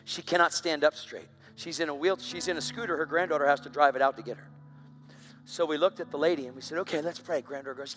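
A man preaching with a high, bright voice that climbs to loud, excited peaks as he tells a story. His sermon delivery is animated and forceful. Faint music plays softly beneath him. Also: fast. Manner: animated, voice rising to loud shouts when excited.

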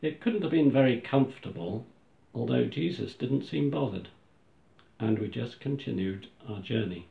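A man reading a scripted first-person reflection at a church service, slow and solemn. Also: medium pitch, animated, creaky. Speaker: church reader. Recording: echoey, dull lo-fi room recording.

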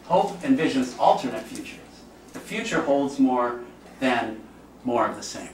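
A priest leads a class in an informal, conversational teaching talk, acting out the voices of the people he quotes. His mid-range voice is animated, though a little slow. The room echoes, the mic is distant, and there's faint noise.

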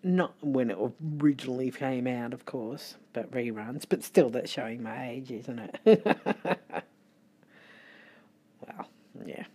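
Middle-aged Australian tarot reader, sleepy, mellow and husky, unhurried chatty delivery. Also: medium pitch. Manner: chatty and rambling, with muttered asides. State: sleepy, late at night. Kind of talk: casual tarot reading.

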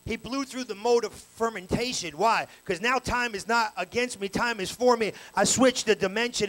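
High pitched guy preaching in church, loose slangy style, gets the crowd talking back. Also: moderate pace, hardly any pauses, low-quality recording. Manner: animated, preaching in street slang with call-and-response. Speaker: pastor. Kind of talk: sermon. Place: church sanctuary.

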